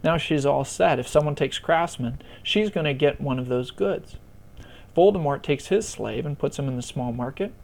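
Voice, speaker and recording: A man walking listeners through a board game's rules in a relaxed, conversational way, with some self-deprecating humor. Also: a little high, moderate pace, gravelly. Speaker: board game tutorial presenter. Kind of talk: casual rules explanation.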